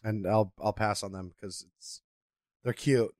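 A young man co-hosting a casual podcast, animated and quick with laughing asides. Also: fairly low pitch, no room sound, clean studio sound. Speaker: podcast co-host. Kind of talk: casual banter.

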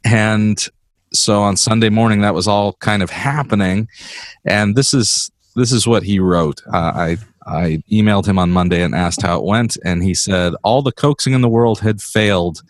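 Low-voiced male podcast co-host. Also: moderate pace, no echo. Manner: chatty storyteller, teasing, restarts often. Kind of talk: casual podcast chat. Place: California.

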